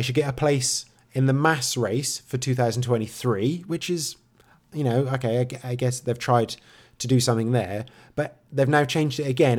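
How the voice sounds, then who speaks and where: A man co-hosting a running podcast in casual chat, with dry, wry understatement. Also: mid-range voice. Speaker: podcast co-host.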